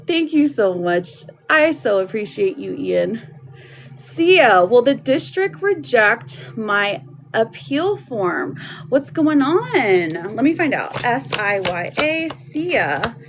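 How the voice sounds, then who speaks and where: Speaking slowly but with great animation, this thirtysomething tarot reader has a fairly high-pitched voice. She's chatty and warm toward her live-stream audience, laughs a lot, and the home stream behind her is noisy.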